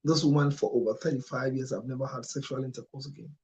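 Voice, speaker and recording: A male marriage counselor delivers an emotional monologue, his pitch and volume leaping upward in sudden bursts. He sounds close to tears at times. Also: fairly even intonation, fast talker, highs cut off. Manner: emotional, with sharp rises in pitch and loudness.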